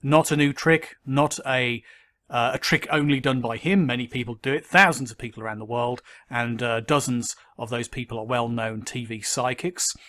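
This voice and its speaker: A man giving skeptical commentary, measured and critical, with frequent ums and uhs. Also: mid-range voice, a bit bright. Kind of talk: argumentative commentary to camera.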